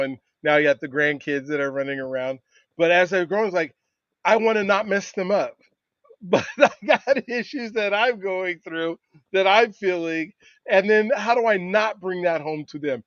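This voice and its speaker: A man's voice: a little high, dry recording. A middle-aged man hosting a casual chat, earnest and rambling with many restarts. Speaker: host. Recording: dull dry lo-fi sound.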